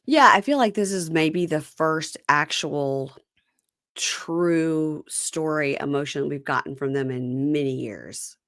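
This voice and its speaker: A woman's voice: deep voice, takes it slowly, a bit bright, no room sound. A woman co-hosting a podcast in casual chat, dropping dry sarcastic asides. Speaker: podcast co-host.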